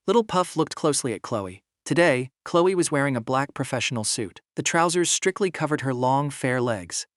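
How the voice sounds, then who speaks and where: A man narrating a drama recap in second person, steady and smooth. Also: medium pitch, dry recording, studio quality.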